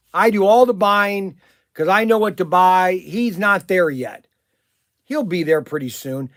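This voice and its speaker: A man hosting a casual livestream, rambling and animated with many restarts and fillers, talking up his shop plans. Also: high-pitched, no echo, clean studio sound. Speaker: livestream host and shop owner.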